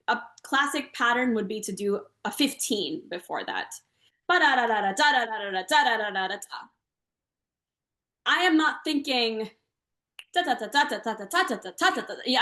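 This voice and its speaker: A woman's voice: medium pitch, a bit bright. A woman composer and Carnatic singer, explaining her music in a conversational interview and chanting rhythm syllables and counts aloud over a video call. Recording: roomy echo.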